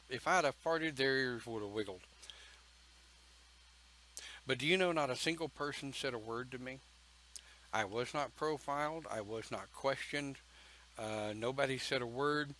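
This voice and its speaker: A man telling a personal story in a slow, folksy, emphatic way, with pauses between phrases. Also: mid-range voice, sharp tone, slight background noise, rough recording. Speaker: pagan church speaker.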